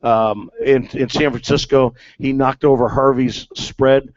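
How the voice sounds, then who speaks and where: A former ballplayer tells casual, meandering stories in a medium-pitched voice, a little slow and fairly even in intonation. He keeps dropping in "uh" and "okay," and the recording is dull lo-fi with no room sound.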